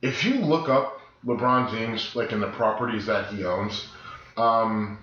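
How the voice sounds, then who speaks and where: A man co-hosting a podcast in casual chat, sick with his voice deeper than usual, talking emphatically in rambling restarts. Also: a little slow, fairly bright tone. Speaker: podcast co-host. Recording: echoey room, dull lo-fi sound, faint noise.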